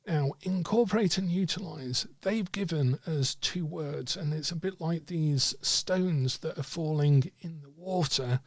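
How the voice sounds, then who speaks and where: A man explains tarot practice to viewers, pausing often and restarting his sentences. His voice sits a little high with a slight huskiness. The sound is dry and close, with no room echo. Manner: thoughtful, hesitant, many fillers and restarts. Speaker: tarot teacher. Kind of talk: livestream teaching talk.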